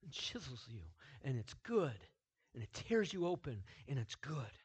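Male pastor, slow deliberate sermon delivery, quiet-to-loud emphatic swings. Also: mid-range voice, big pitch swings, breathy edge.

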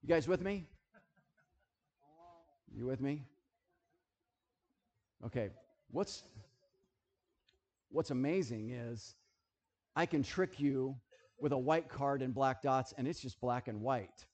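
A man preaching a sermon, animated and jokey, who keeps checking that his listeners are following. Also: mid-range voice, slow, pauses often. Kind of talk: sermon with object lessons.

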